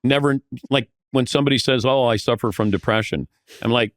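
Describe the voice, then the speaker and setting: A man's voice: medium pitch, fairly quick, no echo, studio quality. A man in his sixties, a sports broadcaster guest on a podcast, telling stories casually and acting out the people he quotes. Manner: storytelling, acts out quoted voices, self-deprecating.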